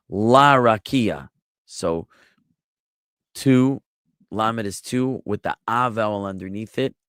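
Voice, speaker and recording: American man, rabbi, very low voice, dry close sound, patient explaining, online bible lesson. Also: dry recording. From United States. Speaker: rabbi teaching a Bible class. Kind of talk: live online Bible lesson answering chat.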